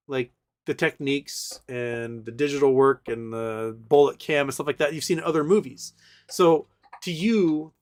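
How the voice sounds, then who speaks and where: Rambling man in his forties. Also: on the high side. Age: 40s. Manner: rambling storyteller, many fillers and restarts. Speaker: livestream host. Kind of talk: casual livestream chat.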